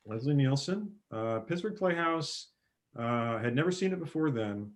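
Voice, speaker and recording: A man talking films in a relaxed podcast chat. He gets animated as he retells scenes, jumping to loud bursts when quoting characters. His voice sits at an ordinary middle pitch. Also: moderate pace. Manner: animated storyteller, acts out film scenes with sudden loud bursts. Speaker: podcast guest. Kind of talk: casual film chat.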